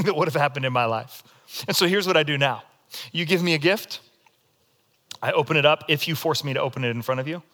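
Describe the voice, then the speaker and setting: A pastor delivering a sermon in a bright, ringing voice that sits a little high for a man. He tells his stories in a demonstrative, animated way, in what sounds like a church service.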